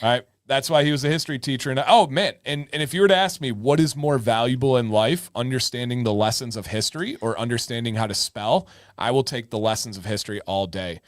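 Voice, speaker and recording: A man's voice: mid-range voice, fast talker, hardly any pauses, no echo, clean studio sound. A young man co-hosting a live-stream chat show, joking about himself and reading out viewer comments. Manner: jokey, self-deprecating, reads out chat comments. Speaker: podcast co-host.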